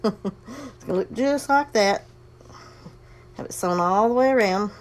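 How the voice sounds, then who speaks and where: A woman's voice: medium pitch, lively intonation, a little slow, a little hiss or hum. A woman casually demonstrating a sewing project, chatty and folksy, talking herself through each step and breathing a little heavily. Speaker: crafting tutorial host.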